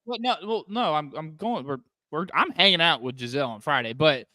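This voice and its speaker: A man's voice: on the high side, animated, a little fast, crowd noise. A young man filling in as a guest co-host in a casual chat, joking, swearing freely and laughing often.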